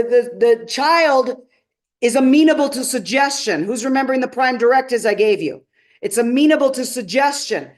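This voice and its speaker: Female seminar coach, higher voice, emphatic, engages the room with questions. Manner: emphatic, asks the audience questions. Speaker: transformational coach. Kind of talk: live seminar teaching.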